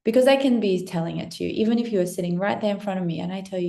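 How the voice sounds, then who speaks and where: A woman's voice: medium pitch, rapid-fire, creaky, warm tone, roomy sound. A young woman coach giving a passionate, blunt motivational talk straight to her audience, swearing freely. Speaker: self-help coach. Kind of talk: direct-to-camera motivational talk.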